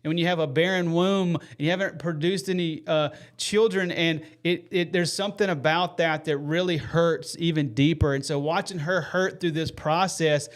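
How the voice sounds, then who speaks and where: High-voiced earnest man. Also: fairly even intonation, moderate pace, hardly any pauses. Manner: earnest, folksy, gives shout-outs. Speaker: host of a live faith stream. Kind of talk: casual live-stream talk.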